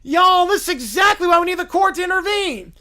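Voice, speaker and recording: Figure: a man playing an indignant Southern lawyer. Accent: put-on Southern US drawl. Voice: high, bright, loud and preachy. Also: animated, brisk, full character voice. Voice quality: booming, preachy, folksy sayings. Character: loud self-righteous Southern male lawyer, moralizing. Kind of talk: comic improvised courtroom role-play.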